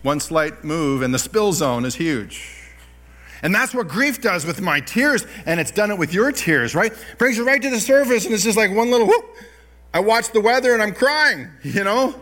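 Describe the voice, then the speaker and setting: A middle-aged man preaching a sermon, telling personal stories with animated delivery and self-deprecating laughs. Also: high-pitched, moderate pace. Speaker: pastor.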